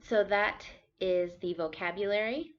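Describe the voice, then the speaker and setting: A woman teaching a vocabulary lesson, saying each word slowly and carefully and repeating it for practice. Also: mid-range voice. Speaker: language teacher. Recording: dull lo-fi sound.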